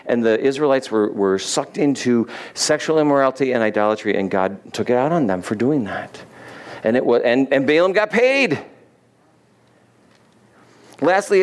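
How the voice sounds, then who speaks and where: Pastor guy, casual storytelling sermon, acts out the characters, lots of ums. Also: medium pitch.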